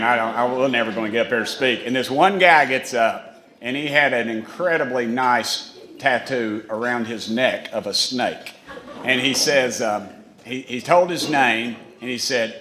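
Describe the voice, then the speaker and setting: A man's voice: mid-range voice, moderate pace, sharp tone. Folksy East Tennessee man in a hall. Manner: folksy, rambling, self-mocking, with many restarts. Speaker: congressman giving a dinner speech. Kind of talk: folksy storytelling speech. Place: banquet hall. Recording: echoey hall, faint room noise.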